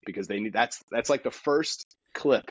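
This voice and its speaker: A man, a golf instructor, talking as a podcast guest in quick, animated stories full of restarts. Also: mid-range voice, breathy edge, no room sound, dull audio. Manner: rapid, animated storytelling with many restarts. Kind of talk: casual podcast interview.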